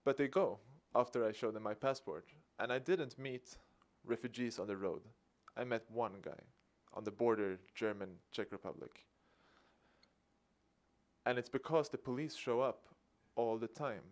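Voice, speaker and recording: Swedish guy giving a talk, mid pitched, acts out the back and forth with a little laugh. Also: normal speed. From Sweden. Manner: lively storyteller acting out dialogue with a chuckle. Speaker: activist speaker. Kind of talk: public talk.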